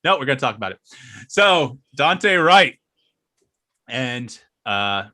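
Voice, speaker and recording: Podcast co-host, young man, bright rambling storyteller who laughs a lot. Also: mid-range voice, big pitch swings, slow pace. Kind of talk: casual podcast banter.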